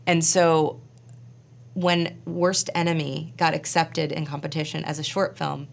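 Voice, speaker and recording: A woman actor and director tells a story in a relaxed interview, her voice sitting a little low with a gravelly, fry-tinged edge. She talks in an animated, chatty way, full of fillers and asides. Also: measured pace.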